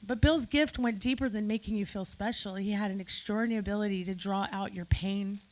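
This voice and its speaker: A woman's voice: medium pitch, fairly even intonation, fairly quick, rough recording. A woman giving an emotional, effusive eulogy at a memorial gathering, speaking straight to friends in the room.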